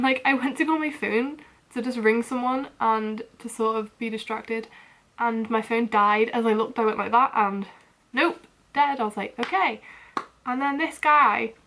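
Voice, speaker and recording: A young woman tells a story to her own camera in a loose, rambling rant. Her voice sits a little high, and nervous laughs keep slipping in. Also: fairly bright tone. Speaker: vlogger.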